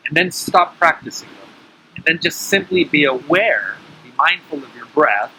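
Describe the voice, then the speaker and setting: A man's voice: a little high, animated, moderate pace, bright, forceful tone, slight background noise, rough recording. A man teaching breathing awareness to a small group in a casual, coaching way, often checking in with his listeners. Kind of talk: casual instructional talk.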